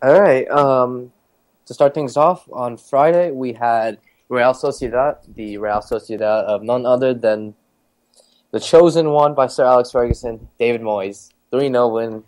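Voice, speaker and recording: Male podcast co-host, casual and jokey, mid-pitched, runs through scores. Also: a little slow, darkish tone. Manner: jokey, chatty. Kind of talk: casual chat recapping league results.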